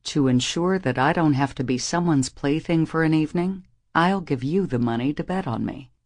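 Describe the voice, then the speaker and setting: A woman voicing a guarded young male musician in an audiobook, speaking low, firm and wry. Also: normal speed, darkish tone. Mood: low and steady.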